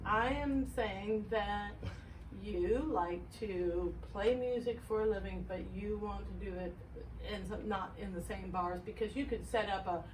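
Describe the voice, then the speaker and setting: A woman's voice: mid-range voice, a little slow. Playful woman host, distant mic. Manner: playful, teasing questions. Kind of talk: casual chat. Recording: distant mic, faint ambient noise.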